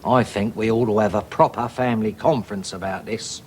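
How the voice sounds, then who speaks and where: A man's voice: fairly low pitch, fairly even intonation, brisk, a little hiss or hum, close to an everyday voice. A man playing a blustering father who schemes to make money from the family dog.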